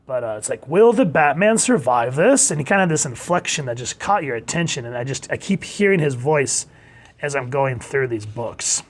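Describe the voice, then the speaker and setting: A man's voice: medium pitch, lively intonation, fairly quick. A man in his thirties casually reviewing an old comic book, enthusiastic and playful, reading bits aloud with funny voices.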